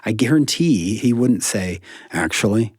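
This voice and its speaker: A man's voice: mid-range voice, moderate pace, slightly rough, no echo, studio quality. A middle-aged man, a professor and author, talking as a guest on a casual podcast, acting out people's thoughts as he explains. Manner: animated, acts out quoted thoughts.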